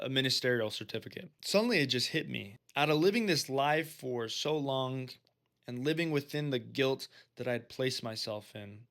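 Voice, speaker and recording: This man's voice sits at a medium pitch with a fairly bright tone. Hosting a faith-based self-help video, he shares his own testimony straight to the viewers and spurs them on with earnest, preacher-like urgency.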